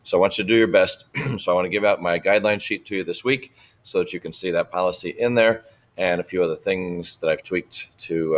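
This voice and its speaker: Male teacher, low voice, patient, drills vocabulary for an online class. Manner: patient, repeats Spanish forms slowly for students. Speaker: Spanish teacher. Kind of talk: recorded online lesson.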